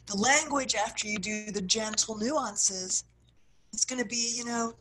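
A woman teaching a writing workshop, guiding her listeners through exercises and acting out the feelings she describes, with phrases that often trail off softly. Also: on the high side, a little slow, noisy background. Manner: expressive, acts out what she describes, soft trailing phrases. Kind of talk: guided workshop instruction.

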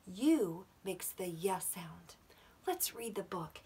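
Slow, gentle woman teaching little kids. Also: medium pitch, sing-song, slightly rough, distant mic. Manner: gentle, slow, dips into whispers. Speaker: kindergarten teacher. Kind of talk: recorded video class for young children.

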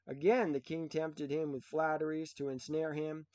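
A man reading a saint's life aloud in a measured, solemn way, with old-fashioned wording. His voice sits fairly high for a man. The recording is dry and close. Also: little pitch movement, a little mellow, no echo. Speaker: narrator.

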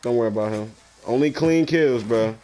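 A man's voice: medium pitch, moderate pace, mellow. Gamer, male, bossy repeated callouts, faint hiss. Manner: bossy, repeats short commands. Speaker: gamer coaching a teammate. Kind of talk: casual gaming chat.

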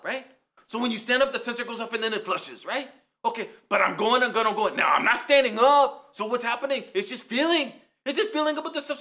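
A man voicing a loud, brash Mexican taco-shop character with a Mexican accent, ranting through a rambling comic monologue. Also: very high-pitched. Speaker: comedy character host.

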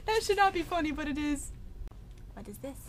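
A woman's voice: sits high, animated, brisk, slight background noise. A woman hosting a playful let's-play commentary, chatty and giggly, talking to the characters in the game. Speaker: gaming channel host.

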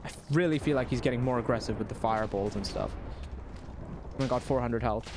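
Excitable young man commentating gameplay. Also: medium pitch, fairly quick. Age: young adult. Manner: excitable, swears, talks to the enemy. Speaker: gaming YouTuber. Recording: noisy game sound under voice.

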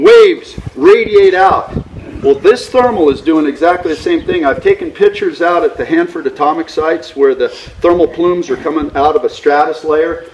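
Middle-aged guy teaching hang gliding outside, kinda high voice, animated, echoey with faint noise. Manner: animated, imitates vario beeps with rising pitch. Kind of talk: outdoor flying lesson talk. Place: outdoors at a mountain flying site.

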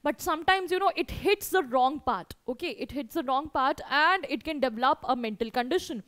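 A woman's voice: sits high, expressive, brisk, a bit bright, dry recording, studio quality. A woman teacher with an Indian English accent, explaining a story to students and repeating points with many fillers.

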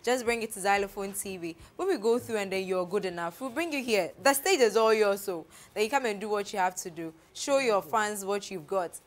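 A woman's voice: medium pitch, expressive, a little fast, few pauses. An upbeat woman hosts a casual interview. She exclaims often and piles one question onto the next. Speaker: show host interviewing a rapper.

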